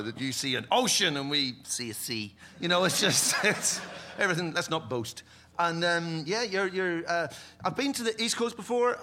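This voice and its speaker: A middle-aged Irish man, a comedian, telling jokes in an animated, laughing way on a panel. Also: mid-range voice. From Ireland. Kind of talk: stand-up panel banter. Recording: live venue with crowd noise.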